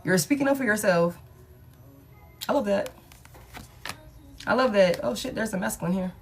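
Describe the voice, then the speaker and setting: A woman's voice: medium pitch, moderate pace. A woman giving a casual collective tarot reading, blunt and slangy, swearing freely and hyping the listener up. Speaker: tarot reader.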